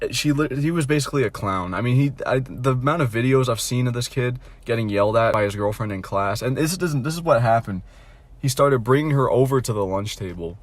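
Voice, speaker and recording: Profane rambling young man. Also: medium pitch. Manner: rambling, profane, full of fillers and restarts; blunt, mocking. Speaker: vlogger. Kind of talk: casual storytime rant.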